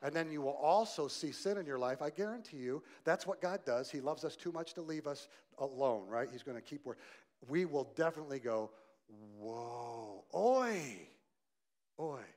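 A male pastor preaching a sermon, swinging from loud emphasis to quiet softness and asking the congregation direct questions. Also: fairly high pitch, brisk.

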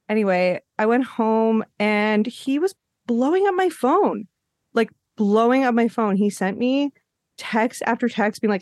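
A woman hosting a casual podcast chat, telling animated stories and acting out what people said, often laughing as she goes. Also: sits high, normal speed, dry recording, clean studio sound. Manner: animated storyteller, acts out quotes with laughs. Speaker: podcast host.

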